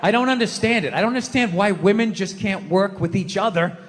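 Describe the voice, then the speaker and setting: A man doing stand-up comedy on stage, ranting and exasperated, shouting his punchlines. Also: high voice, fairly quick, in a large hall. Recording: live stage audio with audience.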